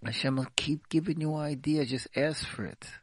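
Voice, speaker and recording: A man's voice: on the high side, moderate pace, breathy edge, no room sound. A man giving spoken advice on a radio talk show, repeating phrases for emphasis.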